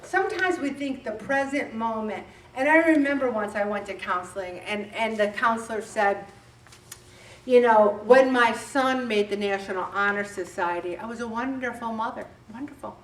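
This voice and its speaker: A middle-aged woman leading a faith-based weight loss group, talking in an animated way and acting out bits of dialogue. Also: a little high, normal speed. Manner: animated, acts out dialogue with voices. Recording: echoey room, distant mic, faint background noise.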